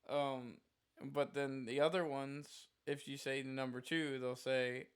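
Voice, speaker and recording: A man's voice: medium pitch, little pitch movement, unhurried, clean tone. A male live streamer telling a rambling, profane story in casual chat, full of "like" fillers.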